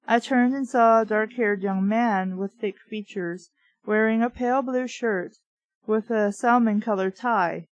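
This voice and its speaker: A woman's voice: medium pitch, no room sound, rough recording. Woman reading aloud with wry asides. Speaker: book reviewer reading aloud. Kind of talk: reading aloud with comic commentary.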